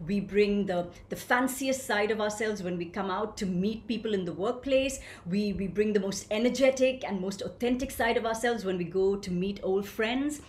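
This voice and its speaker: Animated woman coaching a group on voice. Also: medium pitch, normal speed, few pauses, reverberant. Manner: animated, asks the group questions and answers them. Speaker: voice coach leading a workshop. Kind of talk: live online workshop teaching.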